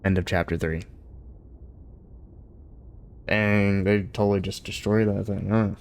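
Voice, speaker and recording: A man's voice: on the low side, a little slow. Laid-back man reading a book aloud. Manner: relaxed, chatty, laughs easily. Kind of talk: casual reading aloud on a livestream.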